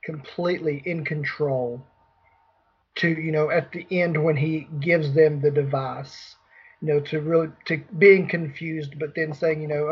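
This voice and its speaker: Husky man chatting about movies. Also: fairly high pitch, measured pace. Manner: relaxed, rambling with restarts. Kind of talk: casual movie review chat. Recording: dull lo-fi recording.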